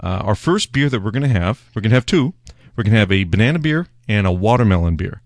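Guy w a lowish voice doing a beer tasting show, rambly n self-mocking, real dry close sound. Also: animated, fast talker, no echo. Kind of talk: casual solo beer-tasting talk.

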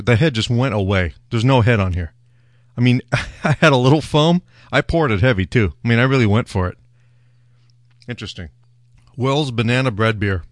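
A man's voice: mid-range voice, moderate pace, dry recording, studio quality. A man hosting his own beer show, talking casually in a rambling, wry, self-mocking way as he tastes a beer. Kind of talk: casual solo beer-tasting talk.

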